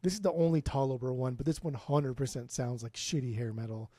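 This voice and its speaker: Mellow-voiced rambling podcast guy. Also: mid-range voice, quick pace, dry recording, clean studio sound. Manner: rambling, swears freely, frequent restarts. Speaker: podcast co-host. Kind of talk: casual chat about music.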